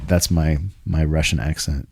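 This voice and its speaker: A man's voice: very deep voice, fairly even intonation, moderate pace, gravelly. A man telling rambling, profane, self-deprecating anecdotes in a casual conversation.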